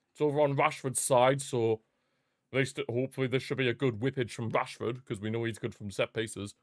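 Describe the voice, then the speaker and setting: A man hosting a live football watchalong, chatting excitedly, reacting to the match and answering viewer comments. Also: medium pitch, no echo, studio quality. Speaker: watchalong host.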